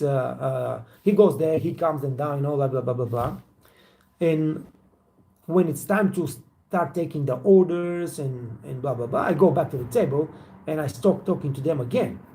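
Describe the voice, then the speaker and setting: Man, gravelly, mellow tone, rambling, swears, faint background hiss. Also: a little high, normal speed, low-quality recording. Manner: rambling, repetitive, swears freely. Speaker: waiter trainer hosting a live Q&A. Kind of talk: casual live Q&A chat.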